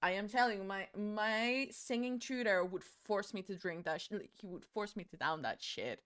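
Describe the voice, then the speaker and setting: A woman's voice: medium pitch, moderate pace, a bit bright. A young woman from Portugal with a Portuguese accent, chatting casually and swearing freely while she does her makeup on stream. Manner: chatty, swearing, rambling with playful outbursts.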